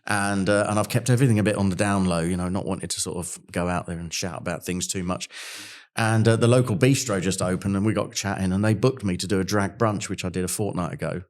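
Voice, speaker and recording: A middle-aged man, a podcast guest telling stories in an animated, jokey way. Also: low voice, quick pace. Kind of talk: casual conversational storytelling.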